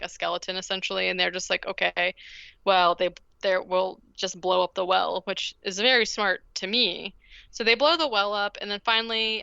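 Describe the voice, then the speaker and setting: A woman's voice: mid-range voice, creaky, bright, forceful tone, smooth, no room sound, highs cut off. A woman co-hosting a podcast, recapping a film in casual chat and acting out the characters' lines with energy. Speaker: podcast co-host.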